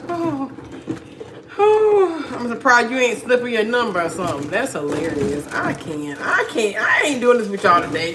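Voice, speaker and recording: Chatting casually on her livestream, a woman reads out viewers' comments and laughs frequently. She speaks in a mid-range voice with lively intonation at a moderate pace while clicking sounds carry in the background.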